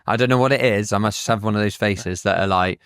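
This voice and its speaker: A man's voice: lowish voice, fast, fairly bright tone, clean tone, no room sound, clean studio sound. A man, a surveyor, telling blunt anecdotes in casual podcast chat and swearing freely.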